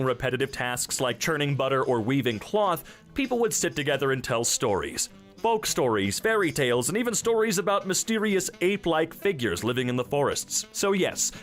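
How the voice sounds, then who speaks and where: Animated sarcastic young man reading posts. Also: fairly high pitch. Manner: sarcastic, animated, quick asides. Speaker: comedy commentator. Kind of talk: comedic reading and riffing on internet posts.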